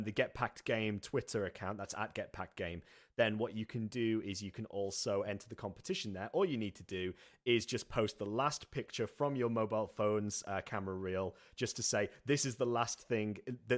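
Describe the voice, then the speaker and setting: A British man with a low voice co-hosts a gaming podcast. He rambles and laughs often, keeping the chat casual. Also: normal speed. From Britain. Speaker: podcast co-host.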